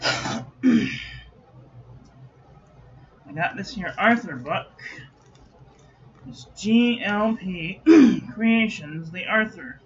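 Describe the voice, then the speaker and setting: Guy doing a chill review vlog in his room, kinda high voice, talks slow, muffled audio w a bit of hiss. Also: expressive. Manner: chatty, reads product details aloud in clipped lists. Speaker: host. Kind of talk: casual product review vlog. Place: own room at home.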